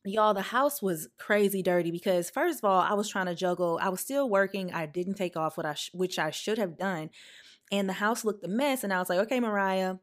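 A woman in her twenties tells a personal story on her solo podcast, speaking candidly and casually to her listeners. Her voice sits at a middle pitch, and she becomes animated whenever she acts out her own words. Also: fairly quick. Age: 20s. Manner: chatty, addresses listeners as "y'all"; animated when quoting herself. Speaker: podcast host.

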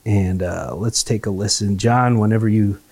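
A man's voice: lowish voice, steady tone, normal speed, darkish tone. A man hosting a comedy podcast, running a game with playful, bouncy patter. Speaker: podcast host.

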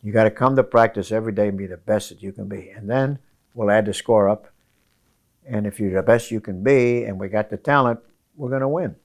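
Low-pitched man, running coach, emphatic, repeats his points, interview in a hotel room. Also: a little fast. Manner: emphatic, repeats key phrases. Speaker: high school running coach. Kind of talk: interview answers.

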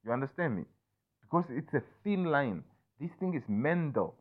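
A man's voice: medium pitch, animated, normal speed. A young man in a candid, rambling personal monologue, swearing often and restarting sentences, who keeps asking "you understand me?". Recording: tinny phone-like audio.

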